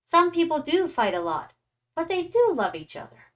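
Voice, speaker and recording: A woman's voice: very high-pitched, sing-song, normal speed. A young adult woman streaming a game, chatting playfully and calling her viewers "my darlings". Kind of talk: casual gaming stream chat.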